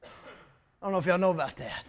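Pastor guy preaching, highish voice, gets worked up, stumbles over words. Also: normal speed. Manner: animated, acts out quotes, repeats words when excited. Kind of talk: sermon with storytelling.

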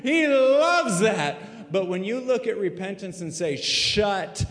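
A man's voice: high-pitched, very animated, a little slow. Man preaching in an echoey hall. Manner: dramatic, swings from hushed to shouting. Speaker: pastor. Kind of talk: sermon. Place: full church sanctuary.

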